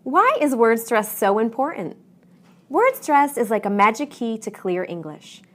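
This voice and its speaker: A woman teaching English pronunciation in a clear, measured, encouraging scripted narration. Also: a little high, sing-song, a bit bright.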